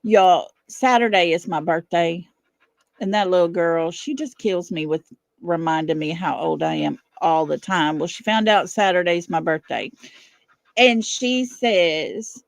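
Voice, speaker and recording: A woman in her fifties hosting a casual livestream from her home, chatting with viewers and breaking off to calm her dog. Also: lowish voice, unhurried, creaky, dry recording. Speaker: livestream host. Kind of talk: casual live chat with viewers. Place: home, indoors.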